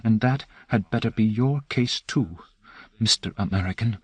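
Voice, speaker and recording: A man's voice: lowish voice, moderate pace, breathy edge, no room sound, voice pushed up. A man voicing a fierce, frightened woman scientist who talks in an intense hissing whisper. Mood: defiant.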